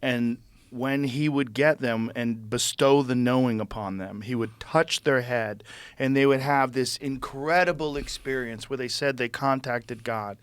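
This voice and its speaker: Curious male host, measured and conversational, dry close sound. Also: mid-range voice, fairly even intonation, clean tone, no echo. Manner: curious, reflective, asks probing questions. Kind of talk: casual conversation.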